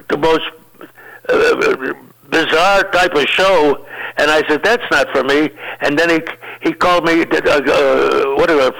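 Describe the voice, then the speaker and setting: An older man, a comedian, telling rambling, animated anecdotes in a casual interview. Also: fairly high pitch, creaky, poor audio. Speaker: comedian guest.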